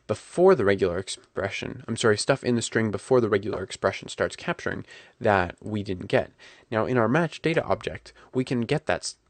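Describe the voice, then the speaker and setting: A man talking through a coding tutorial at his computer, relaxed and correcting himself as he types. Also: on the low side, dry recording. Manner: relaxed, self-correcting, talks while typing. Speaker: programming instructor.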